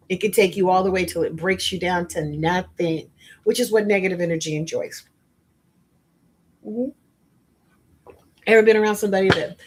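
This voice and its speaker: A woman spiritual life coach hosting a motivational podcast, speaking emphatically and bluntly and addressing listeners directly. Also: mid-range voice. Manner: emphatic, blunt, with frank asides.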